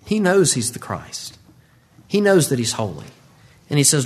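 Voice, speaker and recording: Preacher guy, kinda high voice, does the bible characters' lines in big dramatic swings. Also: normal speed, creaky, pauses often, husky. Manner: animated, acts out Bible voices with big pitch jumps. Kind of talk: sermon.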